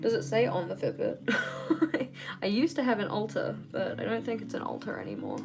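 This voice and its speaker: A woman's voice: on the high side, normal speed, over music. A woman hosting a casual livestream, chatting candidly and ranting while she journals. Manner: chatty, candid, rants and laughs readily. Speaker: livestream host.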